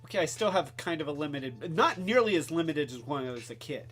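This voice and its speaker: A man's voice: on the high side, expressive, brisk, a bit bright. A man hosting a casual live-stream toy review, rambling and joking, with lots of restarts and asides. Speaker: host.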